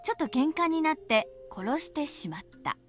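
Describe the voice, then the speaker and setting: Brief: anime-game teen girl, soft deliberate storyteller, bright high register, brisk delivery. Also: sing-song, soft background music. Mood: eerie teasing. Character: teen girl calmly spinning a murder tale. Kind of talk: Japanese game voice acting.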